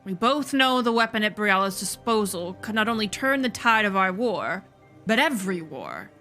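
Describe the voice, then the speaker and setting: A woman reading a scheming, persuasive nobleman's lines in a measured, deliberate way, in a slightly lowered voice. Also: sing-song, pushed and bright, soft background music.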